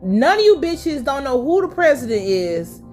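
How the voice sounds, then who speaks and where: A woman mimicking an angry, confused woman leading armed rebels, shrill and profane. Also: sing-song, moderate pace, a little mellow, soft background music. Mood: outraged.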